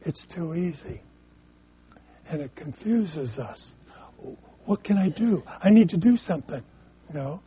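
A man preaching a sermon in short phrases, pausing so an interpreter can follow. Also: a little high, expressive, highs cut off, a little hiss or hum.

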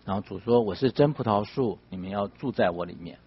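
A man interpreting a sermon phrase by phrase, rendering each line quickly after the preacher. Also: on the low side, breathy edge, highs cut off.

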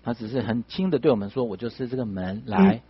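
A man with a husky, mid-range voice interprets a sermon consecutively. He renders each phrase promptly after the preacher. The recording sounds dull. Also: mid-range voice, very animated, quick pace, no echo.

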